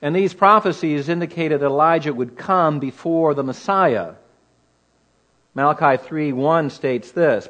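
A man's voice: a little high, unhurried, fairly bright tone. A man teaching through a Bible passage in an earnest, emphatic way, often asking rhetorical questions. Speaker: preacher.

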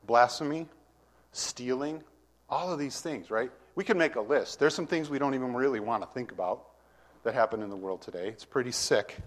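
A man's voice: medium pitch, moderate pace. A man preaching a verse-by-verse sermon, talking casually with the congregation and reading scripture with rising emphasis. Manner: conversational, asks the congregation questions.

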